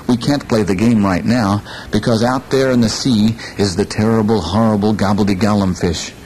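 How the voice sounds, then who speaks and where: A man's voice: fairly low pitch, steady tone, moderate pace, a little mellow, slight background noise, natural voice, poor audio. A man voicing a small, careful male crab in a storybook tale, polite and nervous. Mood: cautious.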